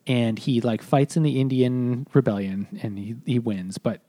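A man's voice: medium pitch, normal speed, warm tone. A man co-hosting a beer-and-books podcast, recapping history in a rambling way with lots of restarts. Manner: rambling, full of 'like' and restarts. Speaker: podcast co-host. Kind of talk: casual book-club chat over beers.

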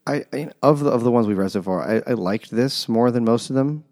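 A man's voice: mid-range voice, fairly quick, darkish tone. A man in a book club discussion, talking hesitantly and rambling with trailing thoughts. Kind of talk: casual chat.

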